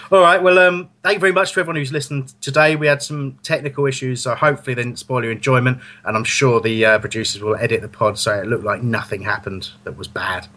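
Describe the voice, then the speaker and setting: Guy hosting a footie podcast, rambly, keeps correcting himself, mid pitch. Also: steady tone, fast, sharp tone. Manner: rambling, self-correcting, chuckling. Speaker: podcast host. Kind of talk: casual football fan podcast chat.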